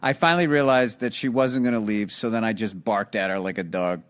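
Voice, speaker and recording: A man with a Boston accent, hosting and telling a story in casual, profane chat, animated and laughing often. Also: fairly low pitch, fairly quick. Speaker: podcast host.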